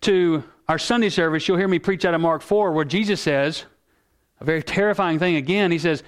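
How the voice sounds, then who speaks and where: A male pastor preaching a sermon in an earnest, emphatic way, slowing down to stress key words. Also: fairly high pitch, clear, resonant tone.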